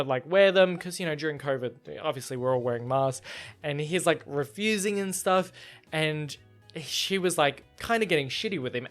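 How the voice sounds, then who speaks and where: Hosting a laid-back solo podcast, a young man with a mid-range voice tells a story animatedly and profanely. He jumps back and forth between loud outbursts and muttered asides.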